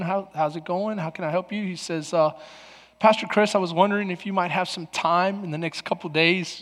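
High-pitched guy pastor preaching, emotional story, lots of restarts, long echo. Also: a bit bright. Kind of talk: sermon. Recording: long hall reverb.

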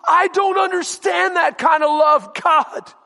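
A man's voice: extremely high pitch, fairly even intonation, a little slow, gravelly, pushed and bright, raised voice, long reverb tail. A male pastor preaching a sermon, emphatic and questioning his congregation directly.

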